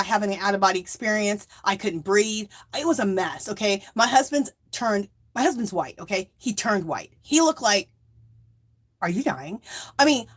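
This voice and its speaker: A middle-aged woman hosting a livestream, telling a rambling story in a casual, animated way. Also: medium pitch. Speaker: livestream host.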